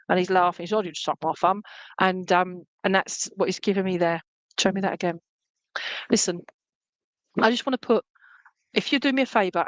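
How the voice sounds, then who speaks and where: A woman's voice: medium pitch, no room sound, poor audio. Chatty woman, dry close sound. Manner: chatty, keeps checking in with "okay?" and "all right?"; relays a spirit's words in a lively, joking way. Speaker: spiritualist medium. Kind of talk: live clairvoyant reading for an online church service.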